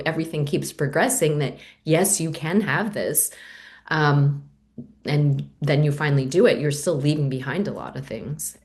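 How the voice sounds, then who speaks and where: Low-voiced woman telling her story. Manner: animated, acts out quoted voices. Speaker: podcast guest. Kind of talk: candid storytelling in conversation.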